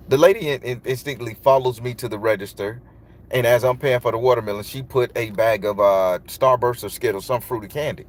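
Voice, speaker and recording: A man's voice: medium pitch, fairly quick. A man, a tarot reader telling a long, loose, profane story in casual monologue. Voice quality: loose, profane, emphatic delivery.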